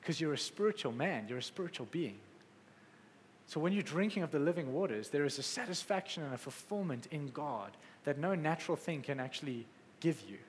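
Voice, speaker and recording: A man delivers a sermon from the front of a large hall, his voice fairly high and carrying. He swings from fervent, rising exclamations down to quiet, soft passages. The sound has a long reverb tail with faint room ambience behind it. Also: lively intonation, brisk, slight background noise. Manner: passionate, rising to exclamations then dropping soft. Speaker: preacher.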